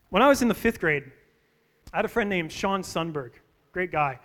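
A pastor with a high voice delivers a sermon in a church. He moves between scripture and funny stories about himself, often turning to his listeners with questions. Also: animated, moderate pace, long pauses, a bit bright. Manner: storytelling with humor and direct questions to the congregation.

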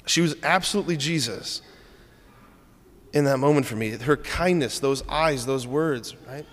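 A man's voice: medium pitch, moderate pace, fairly bright tone, a little hiss or hum. A man giving a conversational sermon, telling a candid personal story with a self-deprecating manner and frequent asides to the congregation. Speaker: preacher. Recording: long reverb of a large hall.

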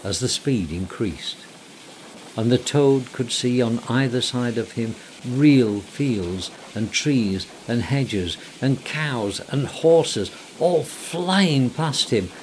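Expressive man reading a children's story. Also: medium pitch, slow, slight background noise.

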